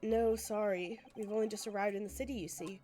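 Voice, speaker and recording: Casting: woman reading as an earnest young lawyer, polite and hesitant, hoarse. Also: mid-range voice, fairly even intonation, a little fast, mellow, soft background music, voice pushed down, lightly acted. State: ill, hoarse.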